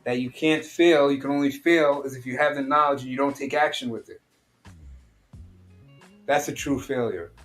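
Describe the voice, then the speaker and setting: A man's voice: mid-range voice, moderate pace, pauses often, a bit bright, faint music behind. A man teaching an online study group. He reads a text aloud line by line, explains each part in plain talk, and asks his listeners direct questions.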